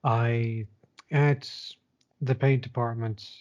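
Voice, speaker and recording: A man in his late twenties tells a long story in a candid, rambling way and swears freely. His voice is dark and mellow. The recording sounds somewhat dull and muffled. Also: mid-range voice, steady tone, slow. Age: late 20s. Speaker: guest sharing his story. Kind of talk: casual conversation.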